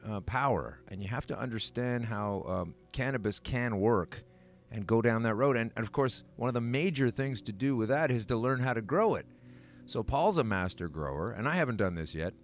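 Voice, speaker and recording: A Canadian man hosting a podcast in casual chat, rambling with lots of fillers and restarts. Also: lowish voice. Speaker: podcast host.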